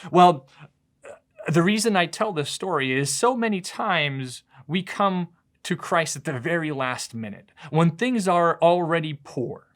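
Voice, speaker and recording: A man's voice: a little high, animated, unhurried, a bit bright. A man preaching a short devotional sermon as a pastor, telling stories earnestly and often repeating words as he goes. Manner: earnest storytelling with frequent word repeats.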